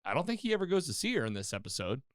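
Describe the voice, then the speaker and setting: A podcast host with a slightly high voice talks very quickly, casually recapping a TV episode and acting out the characters' lines in an animated retelling. The recording is dry, with clean studio sound.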